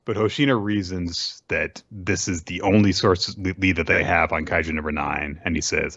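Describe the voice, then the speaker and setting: A man's voice: low voice, normal speed, hardly any pauses, dry recording, dull audio. A man hosting a podcast, casually and animatedly recapping a manga chapter. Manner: animated retelling, drops into character voices. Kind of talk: casual chat.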